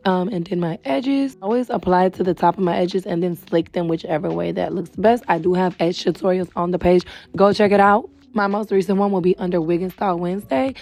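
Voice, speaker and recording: A young adult woman hosting a casual wig tutorial, chatty and friendly with viewers, a little hoarse and short of breath. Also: lowish voice, a little mellow. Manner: chatty, calls viewers girl and baby. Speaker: beauty supply wig stylist host. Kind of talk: casual tutorial talk to camera. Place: indoors at home.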